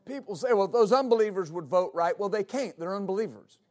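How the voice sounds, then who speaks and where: High-voiced preaching pastor. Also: male voice, lively intonation, quick pace, darkish tone. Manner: preaching with rising emphasis, repeating key phrases. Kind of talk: sermon.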